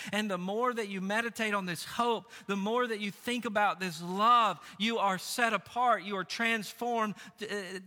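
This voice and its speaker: Animated preacher man in an echoey hall. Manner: animated preaching, shifting between raised and low tones. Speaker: pastor. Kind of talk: sermon.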